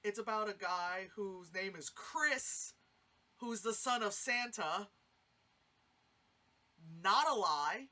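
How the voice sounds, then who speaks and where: Bright-voiced rambling woman reviewing movies. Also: mid-range voice, slow pace. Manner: rambling, animated, swears freely, acts out quotes. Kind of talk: casual spoken movie review.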